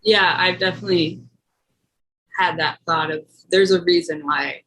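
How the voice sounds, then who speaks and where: A woman telling a class about her work, speaking hesitantly with many pauses and "um"s. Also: on the low side, fairly even intonation, fairly bright tone, slight background noise, low-quality recording. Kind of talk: casual chat.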